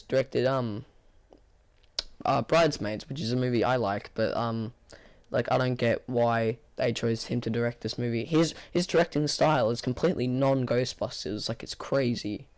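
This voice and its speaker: A man with a hoarse, tired voice giving a casual spoken movie review, rambling with many fillers and restarts in a flat, bored-sounding way. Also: medium pitch, normal speed.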